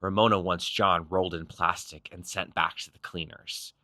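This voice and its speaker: A man's voice: low-pitched, fairly even intonation, sharp tone, dry recording. A man narrating a reality show recap in a snarky, punchy scripted style. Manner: snarky, punchy, quick quips.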